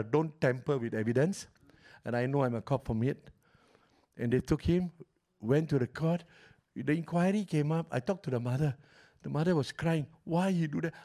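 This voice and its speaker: A middle-aged man preaching a sermon as pastor, telling stories passionately and swinging from loud outbursts to hushed, quiet lines. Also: a little high.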